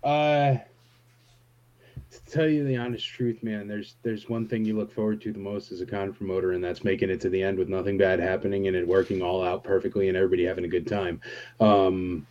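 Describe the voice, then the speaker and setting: Laid-back man with a dark, lo-fi sound. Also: deep voice, level tone, a little fast. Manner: laid-back, candid, uses "man" and "dude". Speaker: convention promoter. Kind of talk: casual chat. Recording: dull, lo-fi sound.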